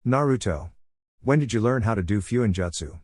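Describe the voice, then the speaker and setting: A man's voice: lowish voice, animated, moderate pace, a little mellow, no echo, studio quality. A man voicing a patient adult ninja teacher in a read-aloud story. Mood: surprised.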